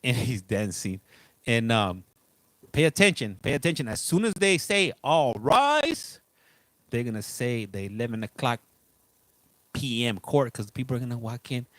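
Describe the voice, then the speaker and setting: A man's voice: mid-range voice, lively intonation, moderate pace, a bit bright, no room sound. A middle-aged man hosting a casual live stream, chatting loosely and greeting viewers by name. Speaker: livestream host.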